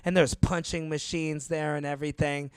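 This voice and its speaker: A man and comedian telling stories in casual chat, animated and laughing through his own tales. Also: a little high, normal speed, smooth, dry recording.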